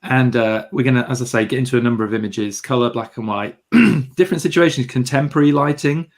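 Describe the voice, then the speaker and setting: A British man with a mid-range voice talks fast while hosting a photography livestream. He chats casually and greets his viewers with light humour.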